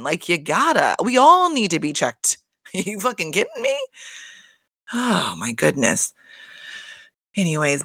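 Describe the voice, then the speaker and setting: A man's voice: high voice, pushed and bright, dry recording, studio quality. A man giving a casual recap of a reality show, blunt and profane, exasperated, and laughing often.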